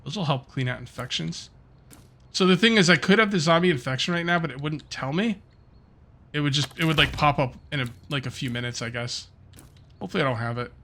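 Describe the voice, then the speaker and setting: Man, middle-aged, bright voice, slightly high, rambling gameplay commentary, muttering. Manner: rambling, thinks aloud, mutters to himself. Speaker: gaming video host.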